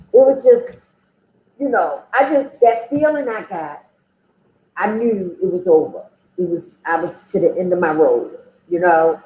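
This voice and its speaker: A woman's voice: on the low side, dark tone, a little hiss or hum. A woman frankly telling her own story as an interview guest, in a loose, conversational way. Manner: frank, conversational, with frequent "you know". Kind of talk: candid personal storytelling. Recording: roomy echo.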